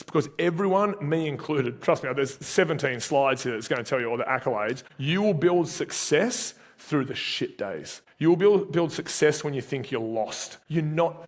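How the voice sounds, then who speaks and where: A man with an Australian accent, giving an energetic, conversational motivational talk to a live audience and telling stories with asides to the crowd. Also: a little high. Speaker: speaker at a live career event. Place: event venue, live audience. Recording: reverberant event hall.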